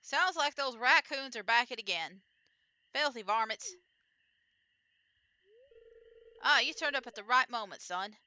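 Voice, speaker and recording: A gruff, grumbling old man in a video game, fed up with raccoons, as a woman puts him on. His put-on accent sits over a bright, crisp voice. The sound is close and dry. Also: on the high side, expressive, normal speed, dry recording, muffled recording. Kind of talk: reading game dialogue aloud.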